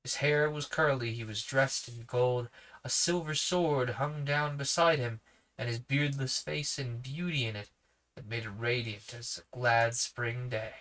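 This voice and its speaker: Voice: medium pitch, unhurried, fairly bright tone. A sleepy reader narrating a children's novel aloud with casual asides. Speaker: podcast reader.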